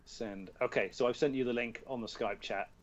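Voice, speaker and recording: A man's voice: medium pitch, steady tone, fairly quick, dull audio, background noise. A man with a British accent, a guest voice actor chatting casually over a video call on a tablet, talking through what he is doing and laughing at himself.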